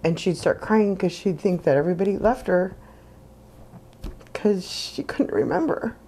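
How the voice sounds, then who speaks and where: A woman's voice: lowish voice, measured pace, mellow. A woman in a documentary interview, plainly recounting what happened and quoting herself.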